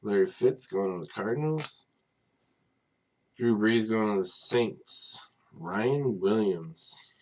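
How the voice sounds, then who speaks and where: Late at night, a man hosts a live card break stream, reading off players and teams in a steady list. He sounds casual and tired, speaks slowly in a lowish voice, and apologizes for yawning.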